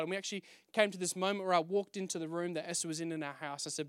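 A man's voice: high-pitched, very fast, few pauses, smooth, no echo, studio quality. A young man preaching a conversational testimony sermon, telling his story with restarts and acting out his own past exclamations. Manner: frequent restarts and fillers, conversational. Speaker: pastor.

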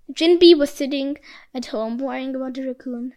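A woman with a high, light voice reads a folk tale aloud. Her narration is expressive and animated, lifting for surprises and dropping for quiet moments. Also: measured pace, low-quality recording. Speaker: storyteller. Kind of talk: storybook narration.

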